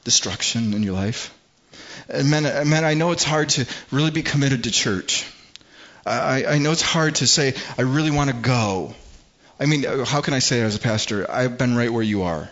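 A middle-aged man delivers a sermon as a pastor in a relaxed, conversational way. He repeats words as he thinks aloud and often acts out what others might say. The recording sounds a little dull and muffled. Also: mid-range voice, moderate pace. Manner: conversational preaching, acts out quoted voices.

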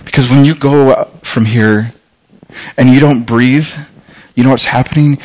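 A middle-aged man preaching a sermon, telling a personal story with lots of restarts, getting louder when reliving the danger and softer when he reflects. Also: mid-range voice, steady tone, measured pace, poor audio. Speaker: pastor.

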